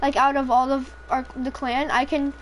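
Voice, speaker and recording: A woman's voice: sits high, level tone, normal speed, slight background noise. A woman casually commentating her own gameplay, rambling, swearing freely and joking about how tired she is. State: tired, throat feels off.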